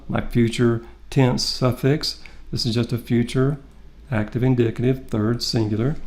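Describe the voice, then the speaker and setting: A man teaching a Greek translation lesson. He explains the grammar step by step and reads the Greek aloud slowly. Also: medium pitch, darkish tone. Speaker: Greek instructor. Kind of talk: classroom lecture.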